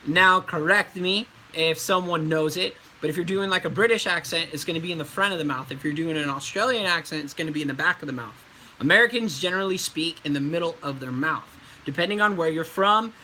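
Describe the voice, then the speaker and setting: A young man with a high, very bright and forceful voice talks through voice acting tips on a casual livestream. His delivery is chatty and loose, full of fillers and restarts. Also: a little hiss or hum, low-quality recording. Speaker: voice actor.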